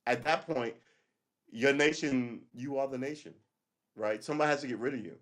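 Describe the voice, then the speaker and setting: A man's voice: mid-range voice, normal speed, a bit bright. A man hosting a livestream, delivering a rambling, sarcastic political monologue with frequent profanity. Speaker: livestream host.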